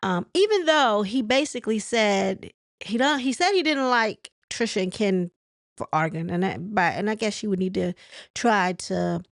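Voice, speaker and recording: A woman's voice: mid-range voice, creaky, no echo, clean studio sound. A woman hosting a casual reality TV recap, retelling scenes in a chatty way with lots of "he said, she said.".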